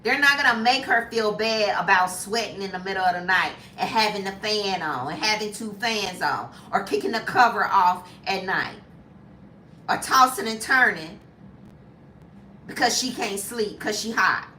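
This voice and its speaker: A woman in her fifties chatting casually as a lifestyle vlogger, animated and jumping to high squeals when acting out reactions. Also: normal speed, reverberant, recorded from a distance, a little hiss or hum. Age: 50s. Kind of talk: casual chat.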